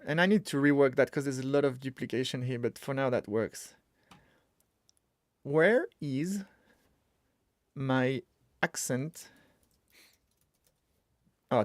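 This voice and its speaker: In a relaxed live-coding stream, a man with a mid-range voice talks through his thoughts and mutters under his breath while working. There's no room sound, just clean studio audio.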